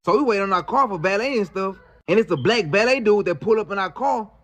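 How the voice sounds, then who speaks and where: A man casually telling a true story, slangy and animated, full of fillers. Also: high voice, quick pace.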